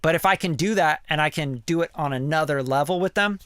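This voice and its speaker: A man's voice: on the high side, a little fast, hardly any pauses, a bit bright, dry recording, clean studio sound. A man who produces music, talking casually on his live stream, candid and rambling, full of "like" and "you know" and ready swearing.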